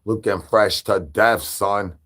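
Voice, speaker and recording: In an absurd comedic livestream rant, a man takes on the persona of a zombie craving brains and rambles in rhyming slang. His voice is on the low side, fairly bright and steady, and he takes his time.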